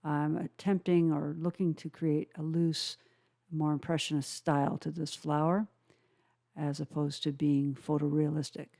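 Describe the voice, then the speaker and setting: A woman with a low, mellow voice talks through a watercolor tutorial at an unhurried pace. She explains each brushstroke step by step and often pauses with "uh" while she works. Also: level tone, vocal fry. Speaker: watercolor instructor. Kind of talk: calm painting tutorial narration.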